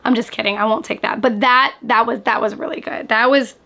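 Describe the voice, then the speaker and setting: A woman book vlogger in casual reaction chat, animated and chatty, sprinkling "like" through her talk. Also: on the high side, brisk. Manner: chatty, animated, frequent "like" fillers.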